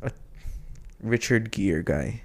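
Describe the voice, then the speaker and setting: A man's voice: lowish voice, animated, slow, creaky, darkish tone. A man co-hosting a podcast in casual chat, laid-back and agreeable, slipping in jokes. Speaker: podcast co-host.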